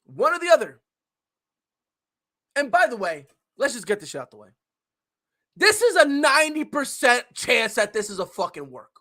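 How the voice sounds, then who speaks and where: Male podcast host, heated profane ranter, animated delivery, sharp bright tone. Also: extremely high pitch, normal speed, pauses often. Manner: profane, heated and opinionated, with frequent swearing. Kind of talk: casual ranting commentary.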